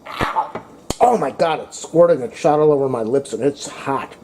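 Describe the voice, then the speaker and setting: A man's voice: medium pitch, moderate pace, heavy background noise. A man chatting to his viewers in a casual home cooking vlog, talking to his dog between bites. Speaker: cooking vlogger.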